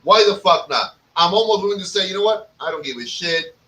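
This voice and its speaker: A man from Cuba hosting a casual cigar podcast, talking in a profane, animated way and acting out other people's lines as he tells stories. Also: high-pitched, fairly quick, reverberant, distant mic, low-quality recording. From Cuban. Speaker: podcast host.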